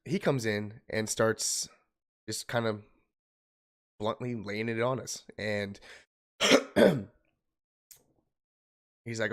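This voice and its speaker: A young man streaming from home, telling an emotional personal story in a halting way, holding back tears. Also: on the low side, animated, a bit bright. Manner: halting, restarting, choked up.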